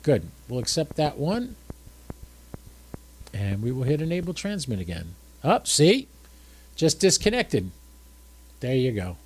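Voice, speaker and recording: A drowsy man talks casually through his radio setup, thinking aloud as he adjusts the equipment. His voice sits at an ordinary middle pitch. The sound is dry, with no room echo. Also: darkish tone. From United States. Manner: chatty, thinks aloud while working the radio. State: drowsy and tired. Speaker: ham radio livestream host. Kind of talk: casual livestream demonstration.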